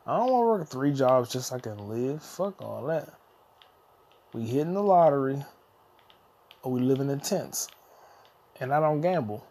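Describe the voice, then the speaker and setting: A man's voice: fairly high pitch, darkish tone. A young adult man hosting a podcast, delivering a profane, insulting solo comedy rant that mock-lectures the listener. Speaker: podcast host.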